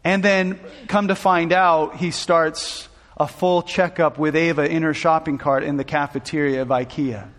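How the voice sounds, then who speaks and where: A man's voice: a little high, steady tone, normal speed, hardly any pauses, a bit bright. A man preaching as a pastor, telling a personal story with emotion, restarting phrases as his intensity builds. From Southern California. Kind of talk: sermon storytelling. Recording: long hall reverb.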